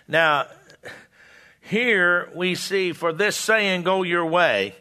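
A man teaching a Bible sermon, reading scripture aloud and explaining it, halting and restarting often. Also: sits high, sharp tone, clean tone. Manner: slow, halting, with many restarts and fillers. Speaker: preacher.

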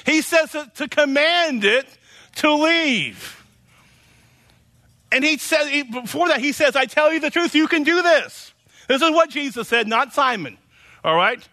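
A man's voice: very high-pitched, animated, measured pace, bright, forceful tone. A man preaching a sermon as pastor, emphatic and repetitive, often tossing in "you know".

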